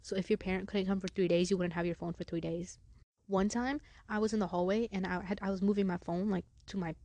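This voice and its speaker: Chatty young woman with a mellow voice. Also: medium pitch, steady tone, fast talker, no room sound. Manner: chatty, lots of filler "like". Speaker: podcast host. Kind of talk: casual storytime chat.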